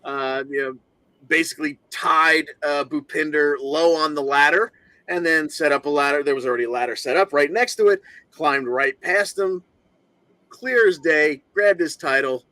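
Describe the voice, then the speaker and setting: A man co-hosting over a video call, with a bright, forward voice recorded close and dry. He recaps matches casually, rambling through them with fillers. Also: a little high, normal speed, dry recording. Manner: relaxed, rambling play-by-play with fillers. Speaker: podcast co-host.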